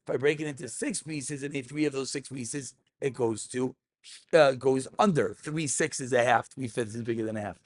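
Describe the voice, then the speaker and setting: A man teaching a Talmud class, animated, mixing English with Aramaic terms and raising his voice for emphasis. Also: mid-range voice, normal speed.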